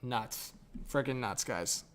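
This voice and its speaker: A man live-streaming reaction commentary who chats to viewers and his dog, and swings between mumbling and shouting. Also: mid-range voice, slow pace, noisy background.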